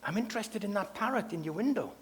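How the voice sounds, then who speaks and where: A man voicing an eager middle-aged woman shopping for a parrot, speaking in a hushed tone. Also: high-pitched, animated, fast talker, noisy background. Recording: long hall reverb.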